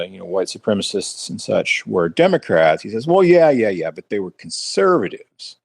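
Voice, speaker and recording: Deep, gravelly male podcast co-host, slightly husky, halting delivery with dry sardonic jabs. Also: no room sound. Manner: measured, hesitant, with many ums and sardonic asides. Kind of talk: casual political discussion.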